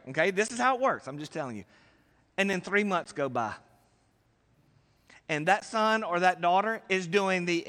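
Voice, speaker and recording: A man preaching a sermon as pastor, animated and conversational, acting out little voices with big swings in loudness. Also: high voice, big-room sound.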